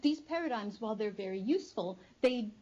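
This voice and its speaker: A woman psychology professor giving an academic lecture to a live audience, explaining in a measured way with frequent ums and uhs. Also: mid-range voice, lively intonation, a little mellow, highs cut off. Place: studio before a live audience.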